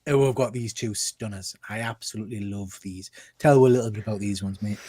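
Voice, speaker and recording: A man's voice: lowish voice, fairly quick, dark tone, husky, dry recording. A man hosting a casual interview, chatty and reading out viewer comments between laughs. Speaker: host.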